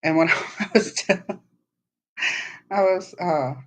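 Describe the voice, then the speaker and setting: A woman's voice: lowish voice, takes it slowly. Chatty woman telling family stories. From Southern United States. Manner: meandering, chatty storytelling. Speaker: podcast host. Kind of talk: casual livestream chat.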